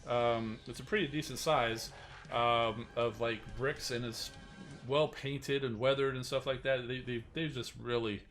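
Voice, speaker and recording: A man's voice: medium pitch, steady tone, a little slow, a bit bright, soft background music. A man hosting a casual livestream, showing off collectible figures in a rambling style with many fillers and restarts. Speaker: toy collector and channel host. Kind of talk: casual livestream show-and-tell.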